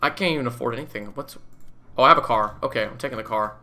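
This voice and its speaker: Goofy young man with a bright voice. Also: medium pitch, fast. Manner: goofy, laughs often, swears casually. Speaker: gaming YouTuber. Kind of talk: casual gameplay commentary.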